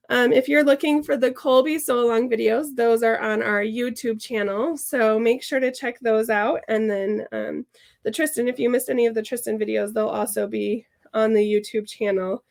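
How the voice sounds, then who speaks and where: A woman with a cold and a gravelly voice, chatting casually through a sewing tutorial. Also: fairly high pitch, fairly even intonation, normal speed. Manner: chatty and upbeat, with fillers. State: sick, gravelly voice. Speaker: sewing instructor. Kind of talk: casual sew-along tutorial.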